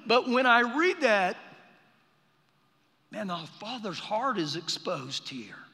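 A man preaching a sermon during a live church service, telling stories with passion and building to shouts. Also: high voice, very animated, slow pace, vocal fry. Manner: impassioned, storytelling, swells to shouting. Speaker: pastor. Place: church sanctuary. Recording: live service in a reverberant hall.

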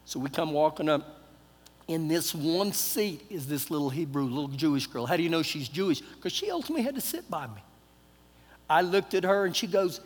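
Folksy Texan pastor, high voice, reverb. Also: male voice, fairly quick. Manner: folksy storyteller who acts out dialogue, shifting between loud and hushed. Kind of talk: sermon with personal story. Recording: long hall reverb.

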